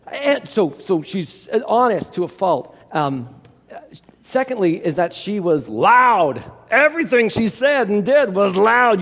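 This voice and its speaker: A man telling a story aloud, chatty and digressive, talking straight to his listeners. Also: sits high. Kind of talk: oral storytelling performance. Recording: long hall reverb.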